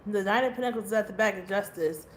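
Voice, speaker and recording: A woman's voice: medium pitch, quick pace, a little hiss or hum. A woman giving a casual tarot reading who rambles, swears casually and laughs often. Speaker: tarot reader.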